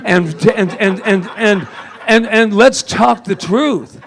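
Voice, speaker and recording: A man preaching a lively sermon in a church service, joking and laughing often with the congregation. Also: high-pitched, takes it slowly. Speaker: minister.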